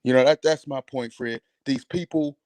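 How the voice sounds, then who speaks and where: A man's voice: medium pitch, moderate pace, darkish tone, no echo. A man calling in to a talk show, ranting in a heated, emphatic and profane way. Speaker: caller. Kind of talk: call-in radio rant.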